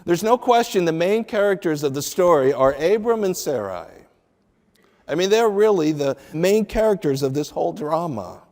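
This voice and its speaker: A man's voice: fairly high pitch, normal speed, long reverb tail. A man preaching a sermon, teaching from the Bible and acting out the lines of the people in the story with feeling. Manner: expressive Bible teaching with acted-out dialogue. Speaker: pastor.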